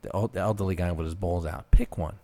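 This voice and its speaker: A man's voice: deep voice, fairly even intonation, quick pace, dark tone. A man co-hosting a podcast, telling a wild work story in casual chat, profane and laughing as it builds. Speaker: podcast co-host.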